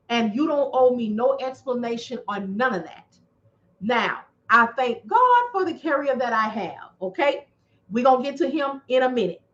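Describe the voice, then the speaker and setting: A woman's voice: a little high, fairly bright tone, lo-fi sound. A woman, a truck dispatcher talking casually to viewers with emphatic repetition and joking asides.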